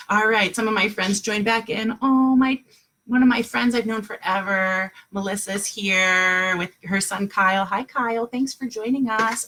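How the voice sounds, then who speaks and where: A woman teaching a kindergarten class online from home, speaking slowly and clearly in a sing-song, encouraging way for small children. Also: medium pitch, steady tone, pushed and bright.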